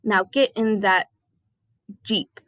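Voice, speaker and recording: A woman's voice: medium pitch, takes it slowly, a bit bright, no room sound. A woman voicing a sneering, scheming male villain in a storybook reading, mocking and snarling. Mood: menacing.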